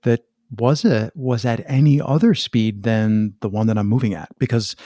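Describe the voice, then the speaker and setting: A man hosting a podcast, talking in an animated, self-deprecating way and laughing often. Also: mid-range voice, normal speed, dry recording, studio quality. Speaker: podcast host. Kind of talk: conversational podcast interview.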